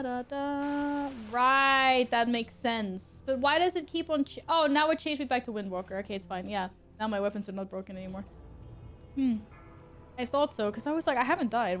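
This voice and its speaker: A woman with a slightly high, somewhat bright voice chats casually with her stream while playing a game. She grew up speaking Swedish and hums to herself between remarks.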